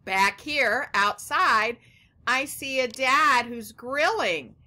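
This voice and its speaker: 幼い子どもたちに語りかける女性の先生。ゆっくりと優しい話し方で、少し高めの明るく張りのある声。. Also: female voice, sits high, expressive. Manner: slow, gentle, talks directly to young children. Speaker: teacher. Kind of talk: children's phonics lesson.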